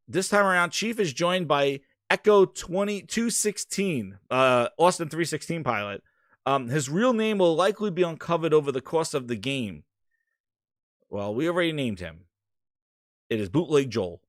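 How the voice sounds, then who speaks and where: A man hosting a live stream, talking in a rambling, excitable way with casual swearing. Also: medium pitch, no echo, clean studio sound. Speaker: host.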